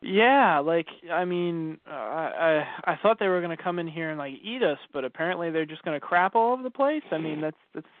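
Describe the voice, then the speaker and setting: A man with a somewhat high voice co-hosting a podcast, answering in a dry, wry tone. The sound is dead and narrow, as if over a phone line. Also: animated, a little fast, few pauses, no echo. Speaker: podcast co-host. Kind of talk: casual chat.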